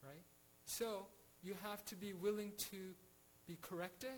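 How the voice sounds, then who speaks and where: A man's voice: sits high, steady tone, unhurried, slight background noise, rough recording. A man teaching a Bible study in an earnest way, with frequent restarts and rhetorical questions.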